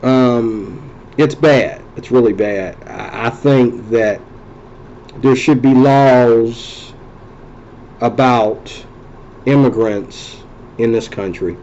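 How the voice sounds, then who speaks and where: A man's voice: mid-range voice, extremely slow, darkish tone, highs cut off, a little hiss or hum. A man hosting a casual rambling monologue, talking loosely and circling back to repeat himself. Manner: rambling, conversational, repeats and restarts phrases. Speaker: host.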